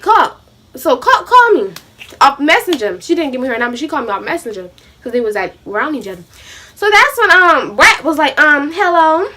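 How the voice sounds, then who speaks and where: A young woman vlogging a storytime, animated and acting out both sides of an argument. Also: fairly high pitch, a little hiss or hum. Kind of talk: storytime vlog.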